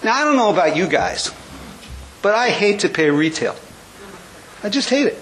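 A man's voice: high voice, big pitch swings, moderate pace, fairly bright tone, faint music behind, rough recording. An older man from the United States telling his story with wry humor at a recovery meeting, in a conversational way. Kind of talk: storytelling talk.

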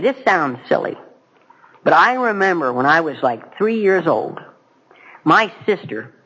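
A man's voice: a little high, fairly bright tone, husky, low-quality recording. A middle-aged man giving a personal testimony at a recovery meeting, conversational and self-mocking, speaking straight to the audience. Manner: direct to audience, asks questions.

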